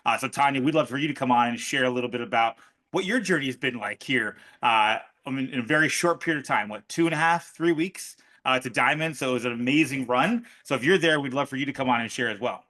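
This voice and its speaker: A man's voice: mid-range voice, fast talker, pushed and bright. A man on a video call, enthusiastic and rambling as he invites team members to speak. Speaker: host.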